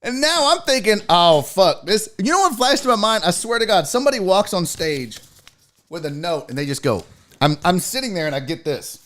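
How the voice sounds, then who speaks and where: A man hosting a sports talk show, telling a story in a casual, profane, animated way and acting out what others said. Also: high-pitched, a little fast. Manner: animated, profane, acts out quotes. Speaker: podcast host.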